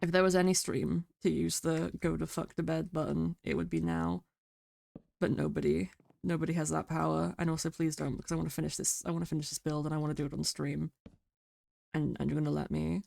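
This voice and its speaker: A sick woman streamer chatting quietly and mumbling close to her microphone. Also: sits low, level tone, brisk, creaky, no echo. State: sick, rough throat. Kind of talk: casual stream chat. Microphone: very close to mic.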